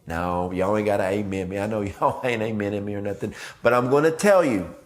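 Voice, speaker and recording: A man's voice: lowish voice, brisk, hardly any pauses. Man preaching a casual devotional. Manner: conversational, acts out quotes. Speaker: minister. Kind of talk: devotional video message.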